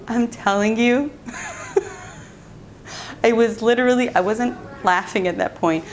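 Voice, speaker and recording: A woman's voice: on the high side, slow, long pauses, a little hiss or hum. A middle-aged mother telling a family story casually and animatedly, laughing often. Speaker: parenting vlogger, mother.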